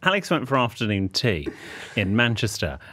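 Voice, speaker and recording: A man's voice: fairly low pitch, big pitch swings, moderate pace, pushed and bright, slight background noise. A man in his thirties co-hosting a casual podcast, a prim, precise storyteller who gets indignant and acts out the people in his anecdotes. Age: 30s. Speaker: podcast co-host, etiquette expert.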